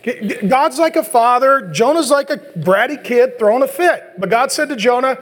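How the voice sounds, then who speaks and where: A man preaching a sermon as a pastor, animated and joking, acting out biblical dialogue in playful voices. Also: very high voice, normal speed. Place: large church hall. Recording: long hall reverb.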